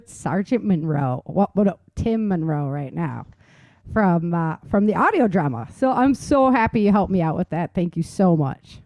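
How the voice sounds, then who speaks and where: A woman's voice: fairly low pitch, animated, unhurried, darkish tone, no room sound, muffled recording. A woman hosting a podcast in casual chat, upbeat and chatty with frequent laughs. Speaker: podcast host.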